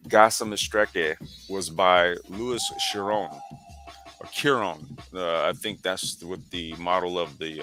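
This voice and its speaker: A man's voice: low voice, sharp tone. A man hosting a casual sim racing talk show, reading history aloud with lots of fillers and slang. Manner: laid-back, slangy, reads history aloud with frequent fillers. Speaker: podcast host.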